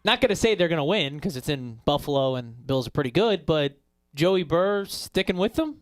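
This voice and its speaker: Male co-host, slightly high voice, dry studio sound, emphatic and laughing. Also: animated, moderate pace, dry recording. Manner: laughs often, emphatic and chatty. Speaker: sports talk show co-host. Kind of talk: casual sports betting chat. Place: radio studio.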